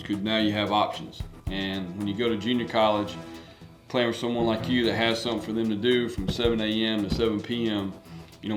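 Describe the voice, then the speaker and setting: A middle-aged man, a baseball coach co-hosting an interview, talking in a folksy, emphatic, rambling way. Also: lowish voice. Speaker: baseball coach and podcast host. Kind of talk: casual interview chat. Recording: echoey room with loud music behind.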